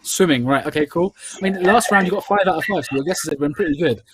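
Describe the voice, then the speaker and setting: A man with a Scottish accent hosting an online quiz in a chatty way, repeating each question slowly. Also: fairly high pitch, slightly rough. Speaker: quiz host.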